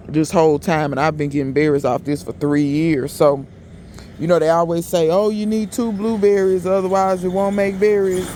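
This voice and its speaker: Male gardening vlogger, folksy and chatty, a bit high-voiced, faint outdoor noise behind. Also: a little mellow. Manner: chatty, folksy, talks straight to viewers as y'all. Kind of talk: casual garden walkthrough vlog. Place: outdoors in a yard.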